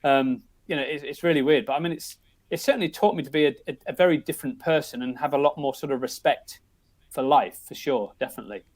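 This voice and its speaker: A middle-aged Englishman, guesting on a podcast, tells family stories loosely and ramblingly, full of restarts and "you know"s. His voice is on the high side, and he talks fast.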